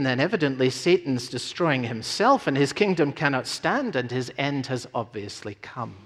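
A man preaching a sermon in an earnest, emphatic way, slowing down to stress key phrases. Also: mid-range voice. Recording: long hall reverb.

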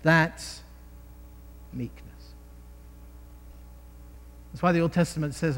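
A man's voice: on the high side, takes it slowly, long pauses, fairly bright tone, long reverb tail. A man preaching a sermon in an emphatic way, often asking his listeners rhetorical questions.

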